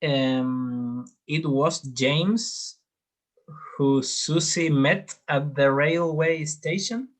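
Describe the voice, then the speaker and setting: Slow, hesitant male student. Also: on the high side. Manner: answers hesitantly with fillers.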